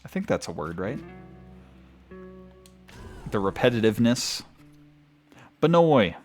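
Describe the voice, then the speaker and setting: A man's voice: mid-range voice, sing-song, slow pace, darkish tone, soft background music. A man streaming a video game, giving rambling casual commentary and chuckling often.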